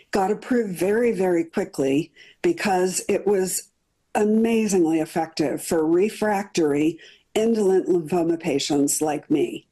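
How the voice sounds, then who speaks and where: A middle-aged woman recounts her own experience in an earnest, detailed way, often doubling words for weight. Her voice is mellow and slightly husky. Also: medium pitch, low-quality recording. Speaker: cancer survivor interviewee. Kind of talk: personal storytelling in an interview.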